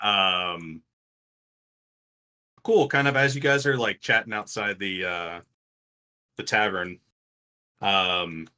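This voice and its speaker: A man narrating as game master of a tabletop role-playing game, halting with fillers and often laughing. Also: on the low side, pushed and bright.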